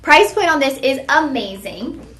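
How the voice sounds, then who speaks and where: A woman's voice: sits high, expressive, measured pace, fairly bright tone, roomy sound. Chatty woman shopping host. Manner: chatty, heartfelt, folksy "y'all" address. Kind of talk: live shopping stream chat.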